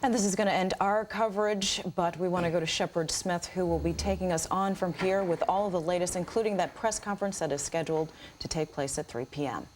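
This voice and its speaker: A woman co-anchoring live news, briskly handing the coverage over to another anchor. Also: fairly low pitch. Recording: noisy broadcast feed.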